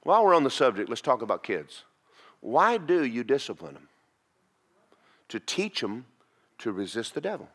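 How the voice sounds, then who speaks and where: A man teaching a church class, preaching in a folksy, animated storytelling way. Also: mid-range voice, normal speed, long pauses, husky. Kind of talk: sermon.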